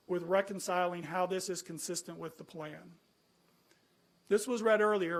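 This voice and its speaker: A man from California addresses a planning commission. His voice sits high for a man, and he argues earnestly, pressing rhetorical questions and often restarting his sentences as he walks through his slides. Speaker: citizen speaking at a planning commission. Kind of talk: public comment with slides.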